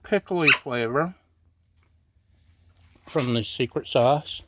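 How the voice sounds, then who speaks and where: Slow-talking man at his griddle. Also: mid-range voice, noisy background. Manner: chatty, self-deprecating, talks while tasting. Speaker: cooking vlogger. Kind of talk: casual cooking demonstration.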